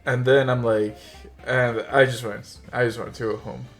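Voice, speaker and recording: A young man in a casual storytime vlog, rambling through his tale with plenty of filler words and the odd chuckle. His voice sits at an ordinary middle pitch, with soft music running faintly underneath. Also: level tone, normal speed. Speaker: vlogger.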